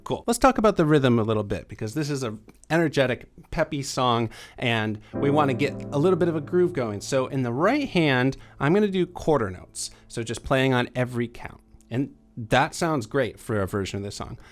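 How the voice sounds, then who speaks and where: A young adult man teaching a piano lesson, explaining chords in a relaxed way and counting beats aloud. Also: medium pitch, normal speed. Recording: piano playing under the voice. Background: piano playing.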